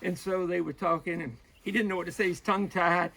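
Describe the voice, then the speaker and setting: A man telling a long, rambling joke in a halting way, often restarting and laughing at himself. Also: high voice, steady tone, gravelly, pushed and bright, a little hiss or hum, rough recording.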